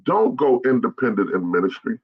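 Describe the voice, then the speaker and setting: A man's voice: mid-range voice, sing-song, a little fast, breathy edge, phone-quality sound. A middle-aged man, a bishop, giving a blunt straight-talk message to pastors, repeating his points to drive them home.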